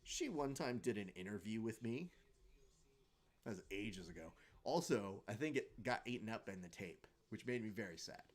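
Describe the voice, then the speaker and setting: A man's voice: fairly low pitch, animated, normal speed. A man hosting a live fight watch-along stream, chatting casually, joking and reading out viewer comments.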